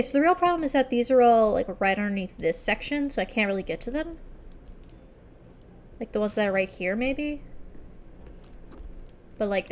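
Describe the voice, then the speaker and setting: A woman's voice: mid-range voice, slight background noise. A young woman streamer chatting casually and self-deprecatingly while playing, muttering at the game.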